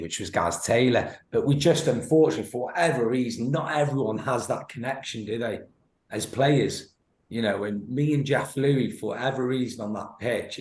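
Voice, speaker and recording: A man in his thirties, a former footballer, telling stories as a podcast guest, laughing often and acting out quotes. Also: medium pitch. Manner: laughing storyteller, many restarts, acts out quotes. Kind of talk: anecdotal podcast chat. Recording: roomy echo.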